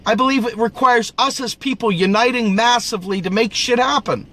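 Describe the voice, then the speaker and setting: A man's voice: extremely high pitch, a little fast, a bit bright. A man venting in a profane, preachy rant and repeating phrases for emphasis, with a cough at times. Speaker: political video host. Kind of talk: impassioned ranting vent session.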